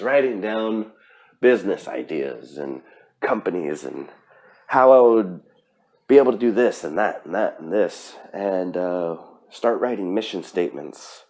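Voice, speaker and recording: A man with a low, deep voice talks alone on his own podcast. He speaks earnestly and with emphasis, often pausing on fillers and restarting his sentences as he pushes his point. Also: a little mellow. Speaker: podcast host. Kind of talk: solo motivational podcast talk.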